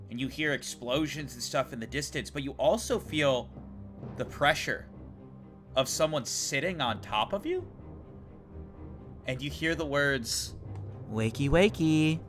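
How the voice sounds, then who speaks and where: A man narrating a tabletop game as game master, his voice bright and forceful with a lively, swooping pitch. He delivers the scenes slowly and with animation, often laughing.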